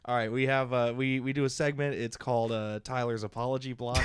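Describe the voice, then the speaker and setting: A young man riffs his way through a loose comedy podcast, cracking himself up as he tells stories. His voice sits at an ordinary pitch. The sound is dry and close, with no room around it. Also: a little fast, few pauses, clear, resonant tone, no echo. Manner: laughs often, animated storytelling. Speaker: podcast co-host. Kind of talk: casual comedic chat.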